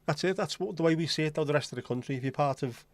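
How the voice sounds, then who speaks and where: A man's voice: fairly high pitch, very fast, dry recording. Sweary, rambling man. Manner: rambling, jokey and sweary, slips into silly voices. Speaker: livestream host. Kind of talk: casual livestream chat.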